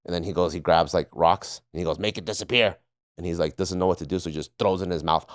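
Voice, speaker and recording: Deep-voiced and darkish in tone, a man speaks quickly with fairly even intonation. He's a former Marine on a podcast panel, casually recounting profane military training stories, often laughing as he acts out drill instructors.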